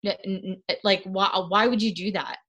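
A woman talking about her dog as an interview guest, speaking earnestly in halting sentences full of fillers and restarts. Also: mid-range voice, steady tone, fairly bright tone. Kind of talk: casual interview conversation.

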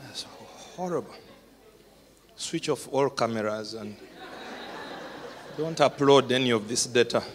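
Man, pastor, sermon, slow and lively, laughing, emotional, echoing church hall. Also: mid-range voice. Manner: laughing often, emotional and tearful. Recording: reverberant hall.

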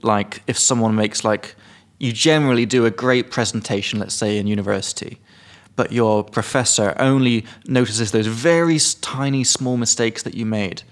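A man's voice: mid-range voice, normal speed, few pauses. A man co-hosting a podcast as an English teacher, explaining slang casually with examples and swearing. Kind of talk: casual chat.

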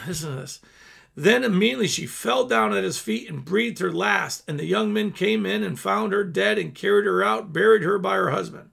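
A man's voice: high-pitched, moderate pace, vocal fry, a bit bright, husky. A man hosting a Bible teaching show, reading scripture aloud and explaining it in a loose, conversational way with frequent restarts.

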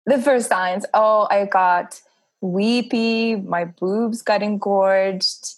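A woman's voice: mid-range voice, fairly even intonation, very slow, no room sound, rough recording. Frank, laughing woman in a dry recording. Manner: open and frank, laughs often between phrases. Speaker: podcast guest. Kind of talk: candid casual interview chat.

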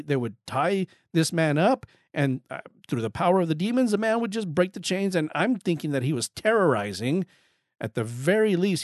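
A man teaching through a Bible passage in an earnest, emphatic way, often doubling back on his words for stress. His voice sits somewhat high. The sound is dry and close, with no room echo. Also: darkish tone. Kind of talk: Bible study teaching talk.

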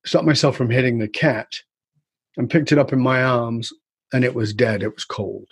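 A man's voice: medium pitch, normal speed, breathy edge, no echo. A man guest in an interview, candidly and reflectively telling a personal story with casual swearing.

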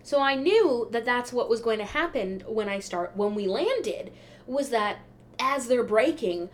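A woman hosting a podcast, telling a travel story in a casual, animated way, her voice jumping up when she gets excited. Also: a little high, unhurried, a little hiss or hum. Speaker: podcast host.

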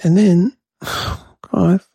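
A man's voice: high voice, steady tone, drawn-out words, vocal fry, dark tone, husky, no echo, heavily acted. A man voicing a mischievous, chatty young boy who rambles to the viewers in a comedic monologue. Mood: rambling. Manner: rambling, addresses viewers as guys.

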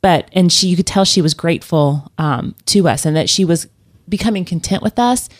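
Low-voiced woman telling a story. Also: moderate pace. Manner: rambling, many restarts and fillers, laughs often. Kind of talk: casual storytelling.

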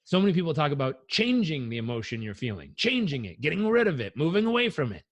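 A man on a podcast telling personal stories in an animated way, acting out the voices in them. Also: fairly high pitch, quick pace, no room sound, dull audio. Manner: animated, acts out quotes. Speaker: guest. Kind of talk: conversational storytelling.

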